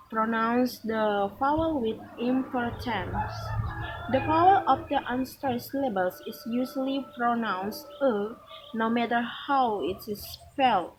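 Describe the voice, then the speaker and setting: A woman reading a pronunciation lesson aloud from a textbook, slow and careful, with restarts and small slips. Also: fairly high pitch, a little hiss or hum, low-quality recording. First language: Malay.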